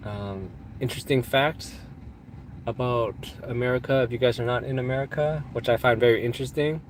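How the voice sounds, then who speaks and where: A man's voice: mid-range voice, steady tone, fairly quick, a little hiss or hum. A man from California hosting a casual livestream, rambling and joking while answering chat questions, his nose stuffed up from allergies. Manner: rambling, joking, laughs often. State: congested from allergies. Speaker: live-stream host answering chat. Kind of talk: casual live-stream chat.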